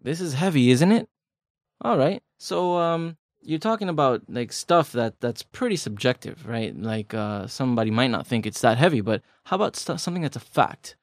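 A relaxed, jokey male co-host walks through grammar on a language lesson podcast. He speaks at a normal speed in an animated, mid-range voice, recorded dry and at studio quality.

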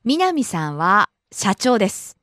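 Japanese-accented woman teaching, lively pitch. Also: normal speed, dry recording, studio quality. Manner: clear, careful word modeling. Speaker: language teacher. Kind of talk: casual lesson podcast.

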